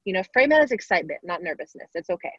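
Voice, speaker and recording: A woman's voice: lowish voice, very animated, racing, breathy edge, dry recording. Encouraging woman on a dull video call. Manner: warm, upbeat, talks directly to the kids. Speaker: guest athlete answering questions. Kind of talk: casual encouraging advice to young players.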